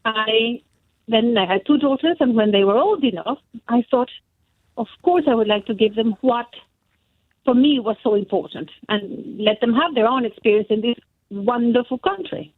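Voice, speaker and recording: A woman's voice: a little high, normal speed, no echo. Earnest woman caller on a tinny phone line. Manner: earnest, heartfelt storytelling. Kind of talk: phone-in call.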